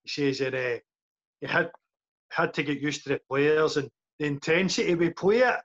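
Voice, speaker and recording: A man's voice: on the high side, moderate pace, a bit bright. Laid-back man, muffled. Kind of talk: casual football chat. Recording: muffled lo-fi audio.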